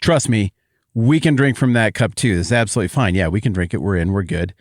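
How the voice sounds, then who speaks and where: A man's voice: fairly low pitch, brisk, dry recording, studio quality, natural voice. A man doing brash cocky young disciples. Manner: breezy, dismissive.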